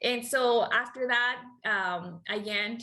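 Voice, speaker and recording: Bright, animated woman telling her story. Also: on the high side, slow pace. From Nicaragua. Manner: animated, laughs often, acts out dialogue. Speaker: guest entrepreneur. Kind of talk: personal storytelling in an interview.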